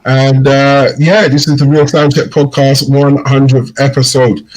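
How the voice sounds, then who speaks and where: A man's voice: medium pitch, flat delivery, a little slow, darkish tone, rough recording. A man co-hosting a podcast in casual chat, telling stories animatedly and mimicking slang phrases. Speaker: podcast co-host.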